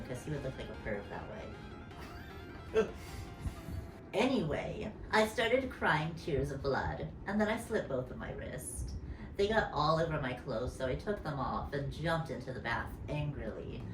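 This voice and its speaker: A woman, a drag performer, co-reading a fanfic with playful, teasing, drawn-out delivery. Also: low-pitched. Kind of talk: comic dramatic reading of a fanfic. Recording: echoey room with clear music behind.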